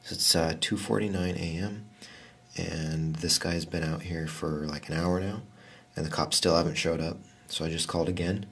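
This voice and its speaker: A young man with a low, husky voice speaks hesitantly, stumbling over fillers and restarts. He sounds nervous and unsure throughout. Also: fairly even intonation, moderate pace, a bit bright. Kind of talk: casual phone call and self-recording.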